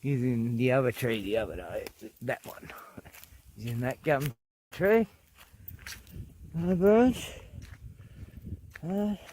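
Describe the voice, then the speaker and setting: A man's voice: mid-range voice, lively intonation, takes it slowly, pauses often, a little hiss or hum. A man with an Australian accent chatting casually and coaxingly to koalas and a dog while filming outdoors. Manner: coaxing, talks softly to animals as to a mate. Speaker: vlogger. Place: outdoors in rural bushland.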